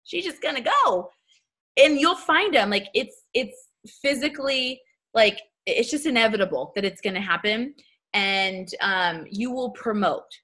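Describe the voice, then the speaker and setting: A woman's voice: fairly high pitch, expressive, a little slow, sharp tone. A woman giving a casual, blunt motivational talk to her sales team, chatty and full of slang, acting out little scenes in quoted voices. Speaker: network marketing team leader.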